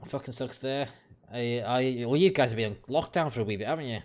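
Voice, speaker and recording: A man's voice: mid-range voice, a little fast, darkish tone. British male streamer, blunt, profane and opinionated, casual chat with viewers, mid-range voice. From United Kingdom. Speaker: game streamer. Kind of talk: casual live-stream chat while playing.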